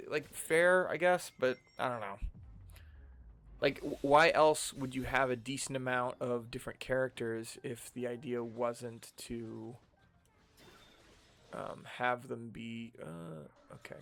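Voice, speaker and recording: A man chatting over his gameplay in an unhurried, rambling way, leaning on slang and filler words. His voice sits at an ordinary pitch with a gravelly, creaky edge, and he takes his time between thoughts. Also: fairly bright tone. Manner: rambling, laid-back, full of fillers and slang. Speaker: game streamer. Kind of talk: casual gameplay commentary.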